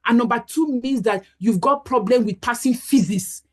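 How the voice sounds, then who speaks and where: A woman's voice: a little high, moderate pace. A middle-aged woman doctor, reassuringly answering a question in an online career workshop. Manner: reassuring, explanatory, with many "you know" fillers.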